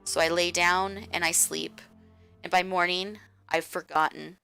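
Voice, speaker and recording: Woman reading a visual novel slowly. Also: lowish voice, little pitch movement, gravelly, sharp tone, faint music behind. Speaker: game streamer.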